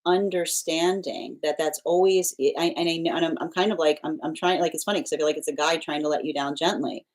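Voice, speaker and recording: A woman's voice: deep voice, steady tone, a little fast, hardly any pauses, a little mellow. A woman giving a live tarot reading, rambling and circling back with repeated phrases and restarts. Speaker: tarot reader.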